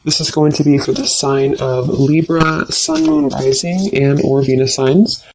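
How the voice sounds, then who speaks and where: A tarot reader speaks straight to the listener while giving an intuitive reading, offering reassurance as they search for words with fillers and restarts. The voice is medium-pitched, unhurried and a little mellow, with a bit of hiss or hum.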